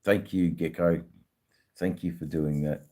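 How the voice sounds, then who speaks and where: Deep, husky Australian man, slow and swearing. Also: fairly even intonation, mellow. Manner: laid-back, swears freely, many ums, uses Aussie slang. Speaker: live streamer. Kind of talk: casual live-stream chat, reading viewer comments.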